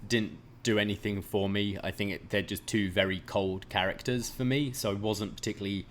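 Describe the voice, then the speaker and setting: Male co-host, lower voice, thoughtful casual opinions that often trail off softer. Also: steady tone, a little fast, slight background noise. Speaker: wrestling podcast co-host. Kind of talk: casual recap chat.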